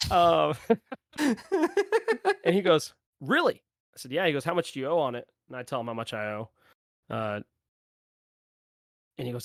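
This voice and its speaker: A man's voice: mid-range voice, no echo, clean studio sound. A young man co-hosting a podcast, telling a story in casual chat and laughing as he acts out the people in it. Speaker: podcast co-host.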